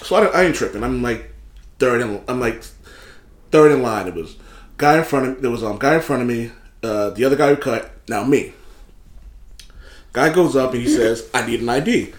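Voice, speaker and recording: A man spins a casual, animated story with plenty of swearing, slipping into other people's voices as he quotes them. His pitch sits in the middle for a man, and the room around him rings with echo. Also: normal speed, pauses often.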